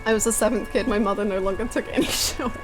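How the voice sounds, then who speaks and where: A young woman streaming a video game from home, chatting, laughing and telling stories in an animated way. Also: mid-range voice, fast. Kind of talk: casual chat while playing a game. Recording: music from the game behind. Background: game music.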